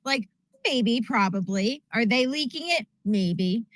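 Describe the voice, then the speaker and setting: Fast-ranting woman with a highish voice. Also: animated, no echo, poor audio. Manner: rapid ranting, keeps asking "right?". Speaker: podcast co-host. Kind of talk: casual political talk.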